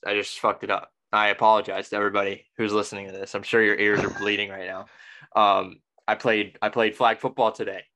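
A man's voice: on the low side, a bit bright. Rambling young man telling a story. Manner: rambling, self-correcting storyteller. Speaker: podcast host. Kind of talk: casual podcast chat.

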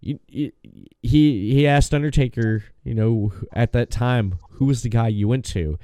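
A man's voice: mid-range voice, dry recording. Male host, casual wrestling talk, dry close sound, easygoing. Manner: relaxed, halting, restarts phrases. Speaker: podcast host. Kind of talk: casual podcast chat.

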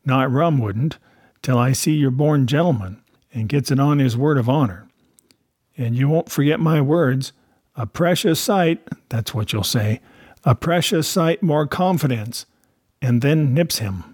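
A man voicing a half-wild marooned old sailor, cunning and anxious, speaking in rough sailor's grammar in a storybook reading. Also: medium pitch, unhurried, darkish tone, no room sound, studio quality. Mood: wheedling. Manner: rustic sailor's grammar, sly and insistent.

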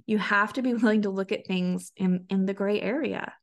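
A woman's voice: medium pitch, fairly even intonation, moderate pace. A woman hosting a solo podcast as a health coach, talking in an earnest, conversational way with frequent restarts.

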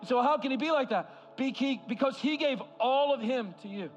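A man preaching an impassioned sermon as a guest speaker, swinging from loud cries to hushed words. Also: extremely high pitch, moderate pace, highs cut off, faint music behind. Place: large church hall.

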